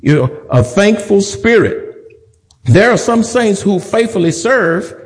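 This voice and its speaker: Pastor guy preaching, high voice, repeats lines and gets louder, cracks jokes. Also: big pitch swings, unhurried. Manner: rhythmic repetition, rising to emphatic peaks; humorous asides. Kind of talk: sermon. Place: church sanctuary.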